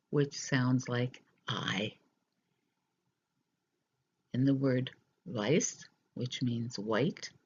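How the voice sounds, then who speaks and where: Slow, husky language teacher. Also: medium pitch, darkish tone. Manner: slow, deliberate explanation with hesitant fillers. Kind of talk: recorded language lesson. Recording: dull lo-fi recording.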